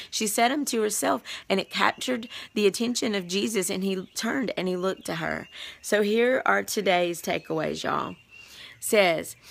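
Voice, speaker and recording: A woman's voice: mid-range voice, vocal fry. A woman giving a casual devotional Bible teaching, talking straight to her listeners and reading scripture aloud. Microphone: streaming over the internet.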